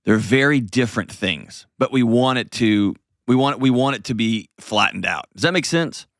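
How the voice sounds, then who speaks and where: A man's voice: medium pitch, lively intonation, normal speed, fairly bright tone, no echo, clean studio sound. A man hosting an advice show, explaining casually to a caller with acted-out examples and frequent "right?" checks.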